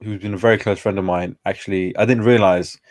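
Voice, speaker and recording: A man's voice: low-pitched, steady tone, fast talker, a little mellow, no room sound, studio quality. A man, a guest telling stories in a casual, slangy way full of fillers. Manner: chatty, informal, peppered with slang and fillers. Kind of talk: casual storytelling conversation.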